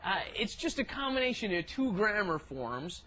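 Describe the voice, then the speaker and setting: A co-host explaining grammar with enthusiasm in a casual language lesson podcast. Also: male voice, high voice, sing-song, moderate pace, sharp tone.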